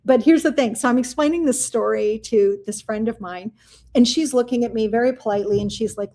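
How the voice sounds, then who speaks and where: A woman who founded a candy company, telling stories in a casual chat in an animated way with lots of fillers. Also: fairly high pitch, brisk.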